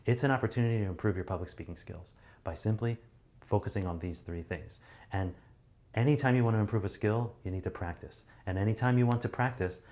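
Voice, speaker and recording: A man's voice: fairly low pitch, fast, a little mellow. A man teaching public speaking in a loose, conversational way, with many fillers and restarts. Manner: acts out sample deliveries to show each point. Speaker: communication coach.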